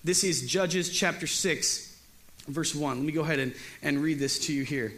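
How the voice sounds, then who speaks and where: A man's voice: on the high side, moderate pace, fairly bright tone. A man teaching a casual Bible lesson as a youth pastor. He is chatty and joking and often repeats his words.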